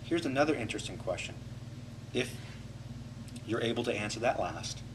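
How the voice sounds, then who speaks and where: A man with a medium-pitched voice at normal speed coaches a class in a reflective teaching talk, animatedly acting out inner voices to illustrate his points. He's recorded from a distance, with background noise.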